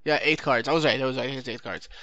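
A man's voice: medium pitch, very fast, fairly bright tone, dull audio. A man narrating his own card game run as a let's play host, thinking aloud, correcting himself mid-sentence and picking apart his opponent's moves. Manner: critiques the opponent's plays. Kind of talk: gameplay commentary.

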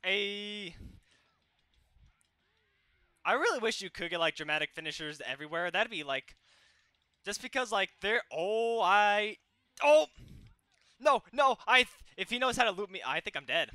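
A young man hosting his gaming channel, giving excitable live commentary on his own match and yelping and shouting at the action. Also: high-pitched, normal speed, clear, resonant tone, no echo.

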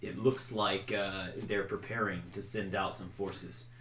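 A man's voice: low-pitched, level tone, unhurried, fairly bright tone. A man acting as game master and narrating a tabletop game in a casual way, with many fillers. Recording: roomy echo.

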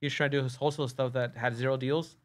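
Male podcast guest, mid-pitch, lively storyteller who voices other people's lines. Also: rapid-fire. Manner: animated, acts out quoted dialogue. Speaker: podcast guest, real estate wholesaler. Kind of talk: casual storytelling.

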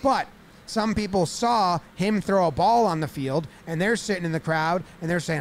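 A man breaking down baseball game footage in a lively, casual way, acting out what the players say. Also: high voice, normal speed, slight background noise. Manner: animated, acts out players' lines in exaggerated voices. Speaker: baseball commentator.

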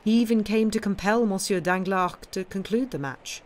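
A woman's voice: mid-range voice, moderate pace, darkish tone, pitched above the performer's own voice, natural voice. A woman voicing a naive, gossipy aristocratic baroness in a storybook reading. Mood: relieved.

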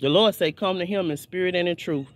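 A man with a strikingly high voice gives a casual sermon on video, speaking quickly. He preaches with fervor, repeating phrases for emphasis, doubling back on his words, and restarting often.

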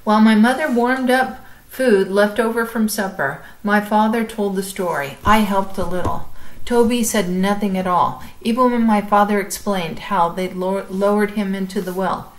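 A woman calmly reading a chapter book aloud, as if to a class. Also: medium pitch, low-quality recording. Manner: calm, measured storytelling.

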